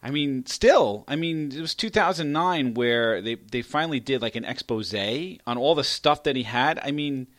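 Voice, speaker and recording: Animated, laughing male podcast co-host. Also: medium pitch, normal speed, few pauses, dry recording. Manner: laughs often, playful, teasing. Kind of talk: casual banter.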